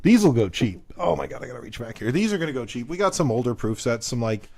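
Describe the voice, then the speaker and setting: A man hosting a casual live stream, telling rambling stories and greeting viewers by name with excitement. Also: medium pitch, fast talker, gravelly. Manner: chatty rambling storytelling. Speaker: live stream coin seller.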